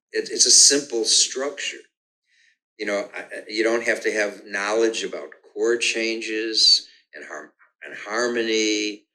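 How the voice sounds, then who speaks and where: An older man, a guest musician, telling the story of how he came to music in a relaxed conversational way, humming rhythms aloud to explain them. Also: on the low side, low-quality recording. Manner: hums and sings rhythms aloud to explain, frequent restarts.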